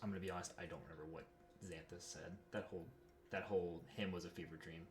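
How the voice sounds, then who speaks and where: A man running a tabletop game as game master, describing scenes patiently and reading in-world text out slowly. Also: low voice, fairly even intonation.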